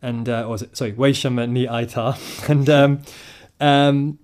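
A man's voice: mid-range voice, steady tone, unhurried, a little mellow. A man hosting a podcast, chatting and joking about gigs and steering between topics. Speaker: podcast host. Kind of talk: casual chat about live music.

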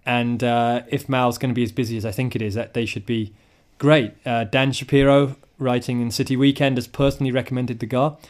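A man's voice: mid-range voice, flat delivery, fairly quick, hardly any pauses. A man hosting a podcast, chatting and joking about gigs and steering between topics. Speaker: podcast host. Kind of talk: casual chat about live music.

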